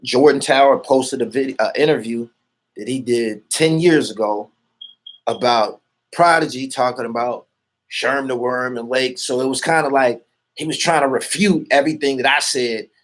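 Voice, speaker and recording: A man speaks at a moderate pace in a mid-range voice, answering an interviewer in loose street talk. He boasts, curses freely and lets his points drift.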